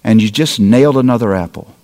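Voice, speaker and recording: A man's voice: on the low side, animated, a little fast, darkish tone. A middle-aged man preaching a sermon, speaking earnestly and appealing directly to his listeners. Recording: long reverb of a large hall.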